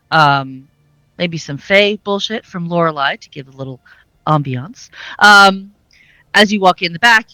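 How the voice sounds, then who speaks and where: A woman describing her character's brewery and speaking in character in a tabletop role-playing game, with many pauses and fillers. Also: lowish voice, pushed and bright, no room sound, low-quality recording. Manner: hesitant, many fillers and restarts, laughs often. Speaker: player voicing her character. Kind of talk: tabletop role-play narration and in-character talk.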